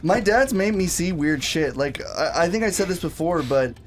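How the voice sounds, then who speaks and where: A man's voice: high-pitched, lively intonation, normal speed, a little hiss or hum. A man co-hosting a let's play, rambling through a story with lots of fillers in casual gaming chat.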